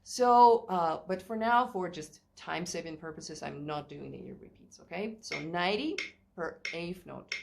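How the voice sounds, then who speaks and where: A woman's voice: lowish voice, animated, normal speed, vocal fry, a little mellow, slight background noise. A woman teaching a play-along piano lesson in a chatty way, thinking aloud and singing rhythms. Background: piano playing.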